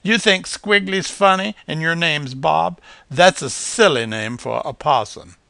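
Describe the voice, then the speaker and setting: Man doing a pompous old-fashioned gent bird, gravelly. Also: a little high, measured pace, sharp tone, no echo, pitched above the performer's own voice, heavily acted. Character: pompous male bird, gentlemanly.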